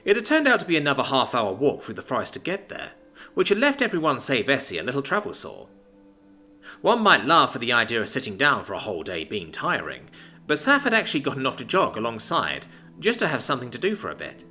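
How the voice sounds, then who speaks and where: Brief: male narrator, very animated delivery, bright tone, soft music behind. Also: medium pitch, quick pace. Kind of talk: storybook narration.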